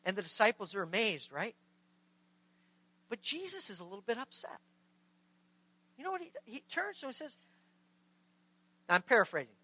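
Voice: mid-range voice, moderate pace, pauses often, no echo, rough recording. A pastor preaching a sermon in a conversational way, asking the congregation rhetorical questions and acting out scripture dialogue. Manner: acts out scripture dialogue in lively voices.

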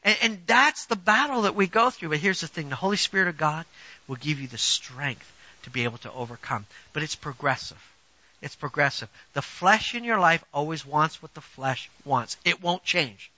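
A preacher delivers a sermon in a high voice with a sharp, bright edge, speaking at normal speed. He addresses the congregation conversationally yet emphatically, pressing rhetorical questions and drawing on personal examples. The recording is dry and a touch dull.

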